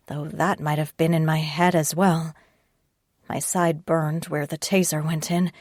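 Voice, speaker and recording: A woman narrating an audiobook in a slow, measured reading. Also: on the low side, a little mellow, dry recording, studio quality.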